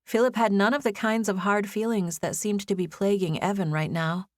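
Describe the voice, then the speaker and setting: A young adult woman narrating a first-person audiobook with gentle, intimate storytelling. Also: medium pitch, steady tone, moderate pace, no room sound, studio quality.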